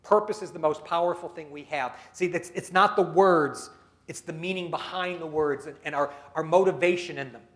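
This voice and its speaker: A man's voice: a little high, normal speed, fairly bright tone. A man delivering a keynote speech at a dinner meeting, telling stories and leading the audience through exercises. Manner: acts out quoted people in his stories. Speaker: keynote speaker.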